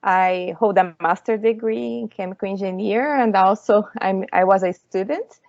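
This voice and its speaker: A woman's voice: mid-range voice, moderate pace, creaky, a little mellow, dry recording. Brazilian woman advisor in simple English. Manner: simple, slightly ungrammatical English. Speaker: study advisor. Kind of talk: self-introduction on a webinar. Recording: dull lo-fi audio.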